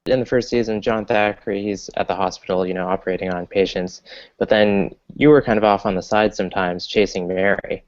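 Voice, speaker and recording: A man with a very low voice puts questions to a guest in a measured way. He fills his pauses with "uh". The audio sounds slightly muffled. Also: fairly even intonation. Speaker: interviewer. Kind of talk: interview questions.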